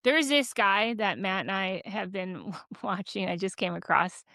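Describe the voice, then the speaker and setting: A woman's voice: mid-range voice, a little slow, dry recording. A woman co-hosting a podcast in casual chat, telling stories animatedly with lots of "like". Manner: animated, chatty storytelling full of "like". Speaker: podcast co-host.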